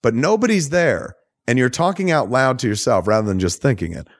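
A man hosting a podcast, recapping a film in a loose, profane, animated storytelling way. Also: medium pitch, brisk. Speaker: podcast host. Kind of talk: casual movie recap chat.

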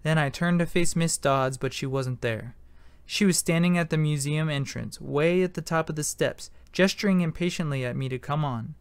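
A man narrating an amateur audiobook in first person, plain and matter-of-fact. His voice sits slightly high with a gravelly, fry-tinged texture. The sound is dry and close. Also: normal speed, no echo.

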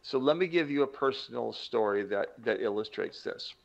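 A man's voice: mid-range voice, expressive, normal speed, gravelly, highs cut off. An older man giving an emphatic motivational talk, acting out quoted voices as he teaches. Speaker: self-help teacher.

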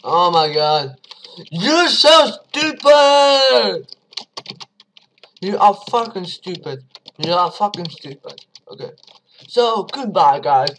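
Excitable young gamer, slow-spoken. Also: male voice, on the high side, slight background noise, poor audio. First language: Dutch. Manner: excitable, swings from shouts to mumbles. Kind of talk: let's play commentary.

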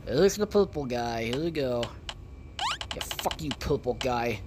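A man's voice: medium pitch, expressive, a little slow, very noisy. A man doing casual let's-play commentary, profane, exasperated and rambling as he talks to his viewers. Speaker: gaming video creator.

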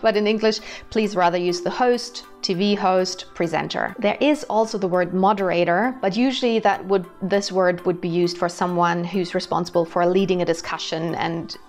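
A woman's voice: fairly low pitch, fairly even intonation, moderate pace, few pauses. Young German woman, German accent, chatty language teacher, faint music underneath. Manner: chatty, explains with everyday examples. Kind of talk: explanatory video lesson.

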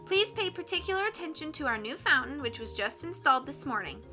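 Bossy rule-reciting young elder voiced by a woman; high, bright. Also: sing-song, a little fast, soft background music, heavily acted.

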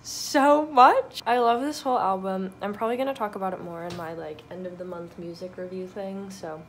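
A woman's voice: medium pitch, brisk. Bubbly young woman unboxing albums. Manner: bubbly, excitable, chatty with frequent laughs. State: out of breath. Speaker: vlogger. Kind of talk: casual unboxing vlog. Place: apartment.

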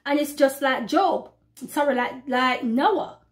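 High-voiced woman preaching fervently. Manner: fervent, emphatic, slows to read scripture aloud. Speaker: prophetic YouTube preacher. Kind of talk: preaching to camera.

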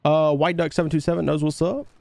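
A man's voice: a little high, little pitch movement, quick pace, creaky, a little mellow, no room sound. A man streaming a game live, chatting casually and thanking viewers by name. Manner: laid-back, thanks viewers by name, calls them brother. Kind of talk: casual gaming livestream chat.

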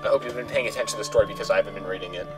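A man's voice: lowish voice, rapid-fire, over loud music. A man hosting a let's play, chatting casually over the game and swearing now and then. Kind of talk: game commentary.

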